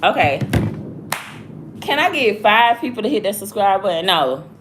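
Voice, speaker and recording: A woman's voice: mid-range voice, very animated, normal speed, slight background noise. A woman with a Southern accent from Alabama, hosting a casual livestream chat in a blunt, slangy, rambling way. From Alabama, USA. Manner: blunt, slangy and chatty, drifting between stories. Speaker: livestream host.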